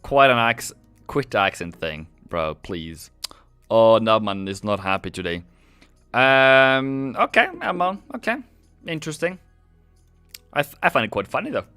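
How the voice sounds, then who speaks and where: A man's voice: lowish voice, animated, measured pace, long pauses, sharp tone, smooth, no echo, soft background music. Live-stream host, man, Norwegian accent; casual, chatty, jokes with chat. Dry, close sound. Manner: joking, chatty, reads chat aloud.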